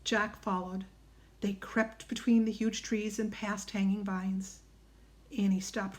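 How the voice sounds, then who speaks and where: A woman reading a children's storybook aloud, hushed in quiet passages. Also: medium pitch, little pitch movement, slow pace. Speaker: audiobook narrator.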